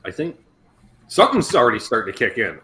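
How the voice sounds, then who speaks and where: Bright-voiced man in his fifties hosting a stream. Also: medium pitch, very animated, fast. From Canada. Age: 50s. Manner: joking, reads out chat comments. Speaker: livestream host. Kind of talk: casual chat on a livestream.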